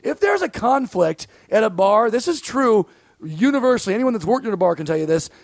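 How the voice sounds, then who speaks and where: A man with a strikingly high, gravelly voice spins a story in casual podcast chat. He is animated and profane and breaks into laughs as he talks. The sound is dry and close. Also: a little fast, dry recording.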